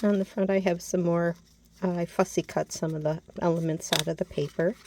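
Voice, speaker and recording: A woman's voice: fairly low pitch, fairly even intonation, brisk, noisy background. A woman casually narrating a show-and-tell of her handmade craft project, often losing a word and correcting herself. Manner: chatty, loses words and corrects herself. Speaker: crafter showing a handmade mini album.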